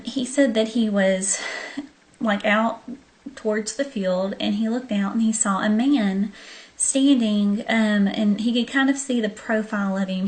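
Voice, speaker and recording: A young woman with a Southern accent from Arkansas, telling a story to her viewers in a chatty, casual way with lots of ums, late at night. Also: mid-range voice. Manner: chatty, many ums, friendly direct address. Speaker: vlogger.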